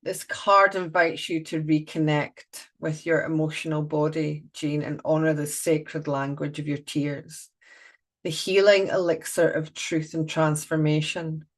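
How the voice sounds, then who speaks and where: A woman's voice: sits low, level tone, unhurried. A woman doing a live oracle card reading, chatty and playful, breaking off to greet viewers.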